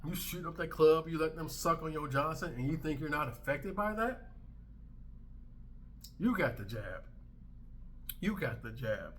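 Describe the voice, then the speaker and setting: A man's voice: on the high side, expressive, unhurried, long pauses, slight background noise. A man in his thirties hosting a commentary vlog, ranting in a brash, emphatic way and swearing freely. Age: 30s. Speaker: commentary channel host.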